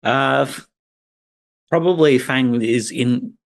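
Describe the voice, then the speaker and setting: Guy player in a tabletop game, slow and tentative. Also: mid-range voice, vocal fry. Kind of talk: casual chat.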